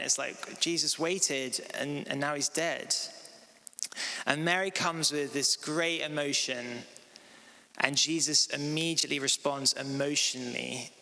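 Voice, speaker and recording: A man's voice: fairly high pitch, a little slow, pushed and bright. A man in his thirties giving a sermon in a church hall, talking casually with many "like" and "um" fillers. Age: 30s. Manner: casual, filler-heavy with frequent "like" and "um". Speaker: preacher. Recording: long reverb of a church hall.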